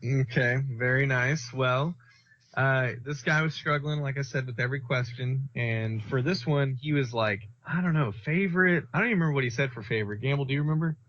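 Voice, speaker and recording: A man's voice: mid-range voice, fairly quick, a bit bright. Rambling young man, lo-fi chat. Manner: rambling, swears, acts out quoted voices. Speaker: podcast co-host. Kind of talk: casual chat. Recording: dull lo-fi sound.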